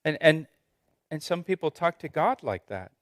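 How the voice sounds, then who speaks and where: Guy preaching, kinda high voice, talks plain and earnest, stumbles and restarts a lot. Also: big pitch swings, normal speed, no room sound, studio quality. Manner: earnest, conversational, frequent restarts and repeated words. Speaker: pastor. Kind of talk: expository sermon.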